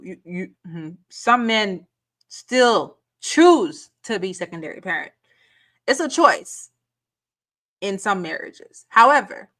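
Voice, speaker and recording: A woman hosting a channel gives reaction commentary in a mid-range voice that sounds pushed and bright. She fires off incredulous rhetorical questions and repeats words while gathering her point.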